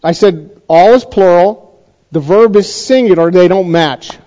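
High, mellow-voiced man teaching scripture. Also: measured pace. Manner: conversational, checks in with listeners, repeats points for emphasis. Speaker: pastor teaching a Bible study. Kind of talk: sermon-style Bible teaching. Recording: dull lo-fi recording.

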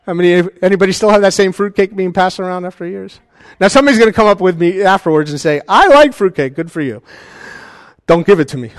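A man preaching a sermon as a pastor, animated and conversational, with joking asides to the congregation. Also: high voice, fast, dry recording, studio quality, in a large hall.

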